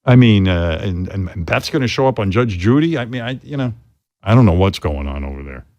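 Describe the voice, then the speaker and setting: A man's voice: fairly low pitch, animated, fairly quick, darkish tone, no echo, lo-fi sound. A man hosting a radio talk show, telling stories in a blunt, profane, exasperated way. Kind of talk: talk radio chat, storytelling.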